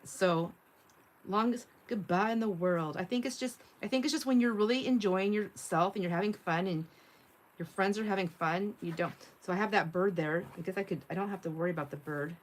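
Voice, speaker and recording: A middle-aged woman with a medium-pitched voice talks a little fast as she hosts a laid-back craft livestream, chatting, laughing often, and reading viewers' comments out loud while she works.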